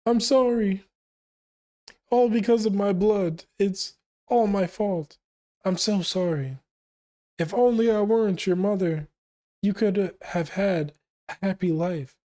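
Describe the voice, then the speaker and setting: A man's voice: sits high, slow pace, long pauses, dark tone, voice pushed up. A man voicing a grieving mother who tearfully apologizes to her child. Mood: apologetic.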